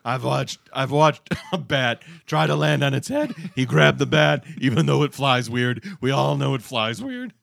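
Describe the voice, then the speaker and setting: Gravelly-voiced joking podcast man. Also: mid-range voice, lively intonation, moderate pace, hardly any pauses, a bit bright, no echo. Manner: jokey, riffs absurd bits. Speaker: podcast co-host. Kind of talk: casual comedic chat.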